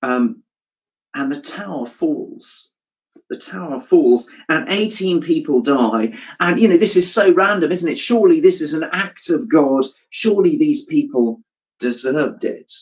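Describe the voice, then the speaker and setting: Softly reflective male preacher. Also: fairly high pitch, animated, a little slow, rough recording. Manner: reflective, drops to a hush on quoted scripture. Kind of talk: sermon.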